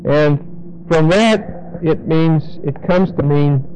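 A man teaching a Bible study to a congregation, explaining word meanings and repeating key words slowly for emphasis. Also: a little high, darkish tone, slight background noise, low-quality recording.

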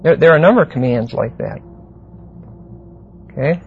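A man teaching a verse-by-verse Bible class, explaining Greek words deliberately and often asking the class "see?". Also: fairly high pitch, expressive, breathy edge. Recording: muffled lo-fi classroom tape with faint hiss.

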